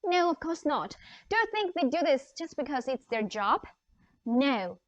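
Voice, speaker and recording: A woman's voice: high voice, sing-song, measured pace, no room sound. A woman English teacher leading a lesson, upbeat and encouraging as she asks the class questions. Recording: dry, dull lo-fi sound.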